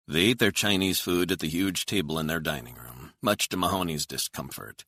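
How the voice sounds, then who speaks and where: A man narrating a thriller audiobook in steady, even storytelling. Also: sits low, moderate pace, few pauses, no room sound, studio quality.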